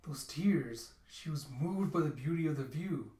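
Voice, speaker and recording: A man's voice: fairly high pitch, animated, unhurried, mellow. A man voicing an anxious, thoughtful young girl in a manga readthrough, in a slightly raised, earnest tone. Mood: wondering. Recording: roomy echo, mic at a distance.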